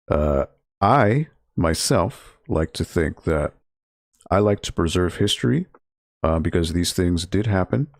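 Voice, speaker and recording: A man hosting a relaxed library game stream, talking to viewers in a low-energy, monotone way with frequent restarts. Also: no room sound, studio quality. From Connecticut, US. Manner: restarts and filler words. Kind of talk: casual chat with stream viewers.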